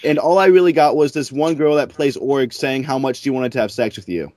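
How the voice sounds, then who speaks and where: A man's voice: mid-range voice, a little fast, a little mellow, no room sound, clean studio sound. A man hosting a casual interview, easygoing and a bit hesitant. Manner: easygoing, hesitant, laughs along. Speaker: podcast host.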